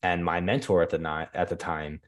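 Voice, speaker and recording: A man's voice: deep voice, steady tone, fairly quick, highs cut off. A man in his thirties telling a story in a loose, chatty way, full of fillers and laughs. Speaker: guest. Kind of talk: casual storytelling.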